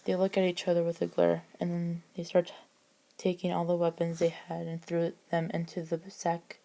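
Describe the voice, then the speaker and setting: Flat, mellow woman reading her story. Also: on the low side, vocal fry. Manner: halting, with frequent restarts. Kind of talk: reading a homemade story aloud.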